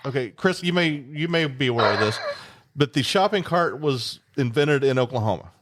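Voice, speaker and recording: A man's voice: medium pitch, lively intonation, normal speed, fairly bright tone. A man co-hosting a casual podcast chat, rambling with fillers and casual cursing. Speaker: podcast co-host.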